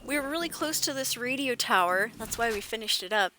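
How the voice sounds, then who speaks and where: A woman's voice: on the high side, animated, a little fast, pushed and bright, slight background noise. A woman streaming a game, chatting casually with jokes and sarcastic asides. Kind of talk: casual gameplay chat.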